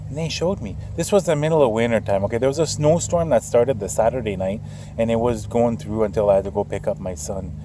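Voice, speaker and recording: A man's voice: lowish voice, fast. Earnest rambling man, traffic noise behind. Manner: rambling, repeats himself, earnest. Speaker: channel host. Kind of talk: casual storytelling to camera.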